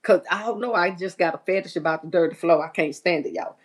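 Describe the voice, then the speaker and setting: A middle-aged woman with a fairly low voice talks fast while hosting a casual livestream, cleaning and building baskets as she goes. She's chatty, reads viewer comments aloud, and has folksy Southern US speech.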